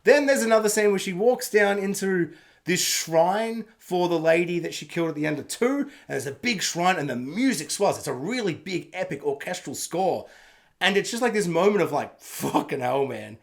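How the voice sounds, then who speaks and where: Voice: mid-range voice, normal speed. A film reviewer ranting through a spoiler recap, sarcastic and swearing freely. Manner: animated, sarcastic, swears freely, laughs often.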